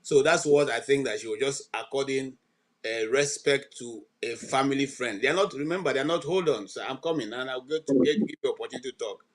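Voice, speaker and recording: A man hosting a talk show, stepping in to calm a heated guest and steer the talk. He speaks at an ordinary middle pitch, persuasive and measured. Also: rough recording. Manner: calming, interjects to steer. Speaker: host. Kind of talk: moderating a debate.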